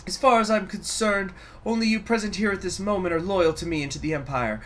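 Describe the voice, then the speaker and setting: A man's voice: high-pitched, brisk, slight background noise, pitched above the performer's own voice, close to an everyday voice. A man doing a screaming tyrant regent woman. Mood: menacing. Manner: screaming, ranting threats. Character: furious tyrannical female regent, gas-masked. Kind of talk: dramatic reading of a game story.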